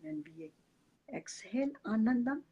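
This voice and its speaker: A woman teaching and leading a guided meditation, giving gentle step-by-step breathing instructions. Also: high-pitched, vocal fry, highs cut off, slight background noise. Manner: slow, gentle guiding instructions.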